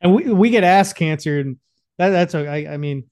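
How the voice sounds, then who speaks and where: A man's voice: on the high side, moderate pace, a little mellow. Crude young man, profane podcast banter. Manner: crude, profane, stumbling for words. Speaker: podcast co-host. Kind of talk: casual chat.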